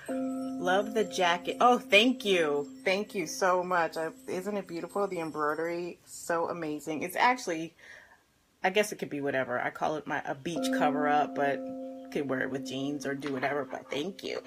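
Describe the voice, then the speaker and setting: On a live stream, a woman with a lowish voice works as a life and health coach. Bubbly and effusive, she warmly greets viewers by name and laughs often.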